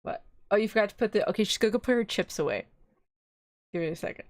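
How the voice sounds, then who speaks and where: A woman's voice: mid-range voice, fast talker, a little mellow, no room sound, clean studio sound. A young woman streaming live as a vtuber, chatting casually in a rambling, giggly way.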